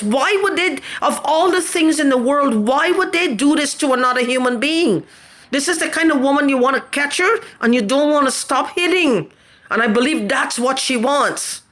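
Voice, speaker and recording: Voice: high voice, fairly bright tone. A person ranting angrily and repeating themselves into a camera. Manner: angry, rambling, repetitive questioning, swearing. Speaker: vlogger. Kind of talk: agitated personal video rant.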